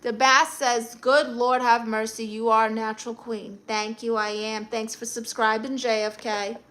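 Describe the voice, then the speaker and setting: A woman with a Brooklyn accent hosts a comedic phone live stream, reading chat comments in a brash, sassy way. Her voice is fairly high and fairly bright, with a level tone and a moderate pace.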